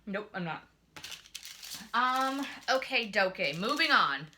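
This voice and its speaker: A woman's voice: mid-range voice, animated, takes it slowly, pushed and bright, a little hiss or hum. A young woman chatting casually into her phone camera at home, reviewing beauty products with lots of gushing and filler words. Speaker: beauty vlogger.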